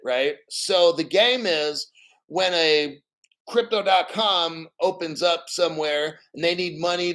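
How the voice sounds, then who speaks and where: A man's voice: on the high side, fairly bright tone. A middle-aged man hosting a crypto channel, ranting casually and bluntly with plenty of swearing and reading out bits of news. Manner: blunt, profane, rambling, reads out news. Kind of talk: casual live stream rant.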